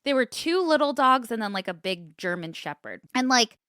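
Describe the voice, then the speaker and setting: A woman co-hosting a podcast, telling stories in casual chat, animated and swearing freely as she acts out what people said. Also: on the high side, moderate pace, dry recording, clean studio sound. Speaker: podcast co-host.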